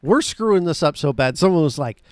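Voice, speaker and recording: A joking, animated podcast host, a man with a somewhat high voice who throws in quick asides. The sound is close and dry. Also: no room sound. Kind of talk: casual chat.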